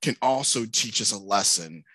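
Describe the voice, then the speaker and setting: A man on a discussion panel, speaking earnestly and building to emphatic, animated points. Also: fairly low pitch, normal speed, no room sound. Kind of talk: conversational discussion.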